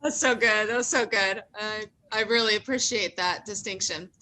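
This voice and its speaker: A woman's voice: mid-range voice, normal speed, pushed and bright, low-quality recording. A woman co-hosting a support group on a video call, affirming the speakers and laughing often. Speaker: group co-host.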